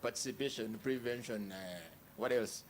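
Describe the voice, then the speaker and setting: Male panelist, rapid hesitant delivery, faint hum behind. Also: mid-range voice, expressive. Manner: hurried, hesitant. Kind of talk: panel remarks.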